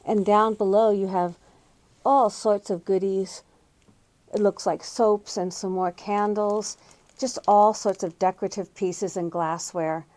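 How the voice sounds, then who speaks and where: A woman's voice: medium pitch, fairly even intonation, a little slow, a little mellow. A middle-aged woman hosting a casual tour of antique and thrift shops, pointing out items with fond admiration. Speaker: host touring antique shops. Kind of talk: casual walking shop tour.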